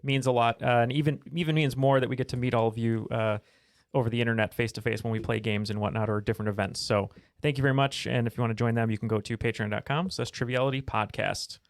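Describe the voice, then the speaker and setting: A man's voice: mid-range voice, fast, no echo, studio quality. Easygoing male podcast host. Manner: relaxed, lots of "uh" and "um". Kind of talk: casual podcast chat.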